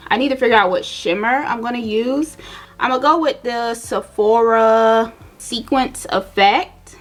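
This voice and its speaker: A young woman vlogger chatting casually to her viewers, telling a personal story while doing her makeup, animated and direct. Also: fairly high pitch, measured pace. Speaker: beauty vlogger.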